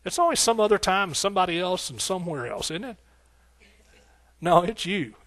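A man's voice: sits high, expressive, moderate pace, fairly bright tone, dry recording. A man preaching a sermon, fervent and rhythmic, repeating phrases, calling out hallelujah and talking folksily to the congregation. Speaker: pastor.

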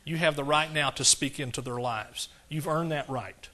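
A middle-aged pastor with an East Texas accent delivers a conversational sermon in church at normal speed. He's folksy and plain-spoken, calls out for amens, and gets higher and louder whenever he stresses a point.

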